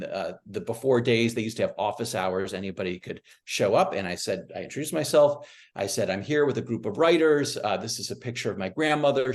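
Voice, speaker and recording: Middle-aged man, author on a video call, easygoing storyteller at a medium pitch with lots of fillers. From Michigan, USA. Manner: conversational storytelling with frequent "uh" fillers. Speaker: author giving a book talk. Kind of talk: online book talk over video call.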